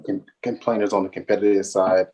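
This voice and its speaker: A man's voice: low voice, level tone, brisk, mellow, poor audio. A man co-hosting a podcast, talking casually and hesitantly with restarts. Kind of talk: casual chat.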